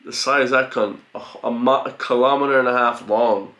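A man giving an excitable, profane reaction commentary, full of loud exclamations. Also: mid-range voice, moderate pace, lo-fi sound. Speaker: reaction video host. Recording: roomy home recording with faint music.

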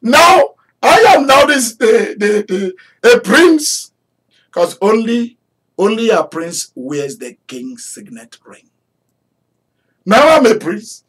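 A preacher voicing an overjoyed, newly promoted man, putting on an Indian English accent and exclaiming rapidly in disbelief. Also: husky, exaggerated voice. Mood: overjoyed, disbelieving. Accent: Indian English (imitated). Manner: rapid, exclamatory, high and excited.

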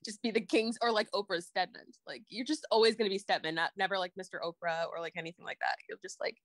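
A woman's voice: medium pitch, fast, no echo. A young adult woman co-hosting a podcast, chatting playfully, laughing often and acting out quotes. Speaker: podcast co-host. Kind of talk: casual chat.

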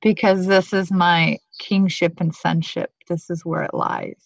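A woman's voice: fairly low pitch, flat delivery, a little slow, vocal fry, no echo. A woman sharing a spiritual testimony in a searching way, thinking aloud as she goes. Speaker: prayer group member. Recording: dry, muffled lo-fi audio.

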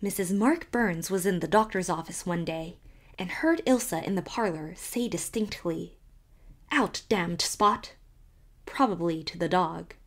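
A woman's voice: on the low side, lively intonation, unhurried. A woman doing an emphatic scandal-loving spinster. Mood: scandalized. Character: sharp-tongued scandalized spinster neighbor.

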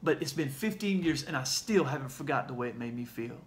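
A man with a Southern accent sharing a heartfelt message in a casual video, speaking earnestly and haltingly, with many fillers. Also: mid-range voice, expressive, a little hiss or hum. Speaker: ministry leader sharing a message.

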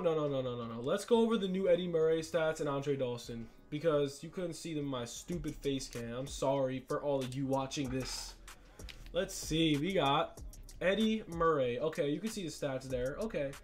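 A young man, casually commentating a video game with excitable, frustrated outbursts. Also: fairly high pitch, moderate pace, faint music behind. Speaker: gaming YouTuber. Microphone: desk mic with face cam.

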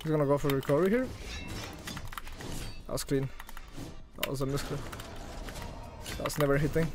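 A young man with a non-native English accent, streaming live gameplay commentary, excitable and swinging between groans and shouts. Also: a little high, normal speed, over music.

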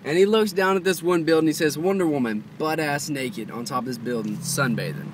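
A man's voice: on the high side, brisk. A man hosting a channel and telling crude jokes while driving, repeating his phrases in laid-back banter. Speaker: channel host. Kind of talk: casual joke telling. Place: driving a car, stopped at a red light. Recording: distant mic with road noise.

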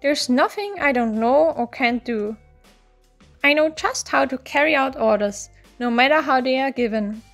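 A woman voicing a bold, eager young male servant who brags and gives brisk orders in a storybook reading. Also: high voice, lively intonation, fairly bright tone, faint music behind. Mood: boastful. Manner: brisk, boastful, commanding.

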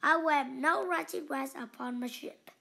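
A woman voicing a short-tempered male ship captain who shouts exasperated commands in a storybook reading. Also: high-pitched, normal speed, vocal fry, exaggerated voice.

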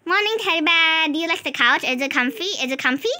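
A woman's voice: very high-pitched, animated, quick pace, bright, forceful tone. A woman hosting a gaming channel, chatting to a co-player and to viewers as she narrates a role-play game.

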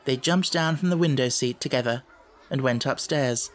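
A man reading an audiobook aloud in a measured storytelling manner. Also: medium pitch, a faint crowd. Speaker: audiobook narrator. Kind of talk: scripted narration.

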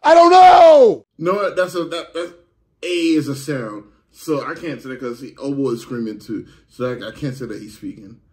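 A man giving casual, excitable commentary as the host of a reaction video, slangy and animated. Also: mid-range voice, normal speed.

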